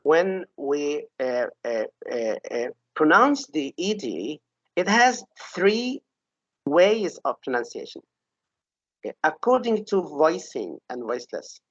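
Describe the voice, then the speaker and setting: A woman's voice: sits low, sing-song, slow pace, no echo. A woman teaching English pronunciation in an online lesson, patiently repeating example words and often checking in with "okay?". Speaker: English teacher giving a webinar. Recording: dull lo-fi webinar audio.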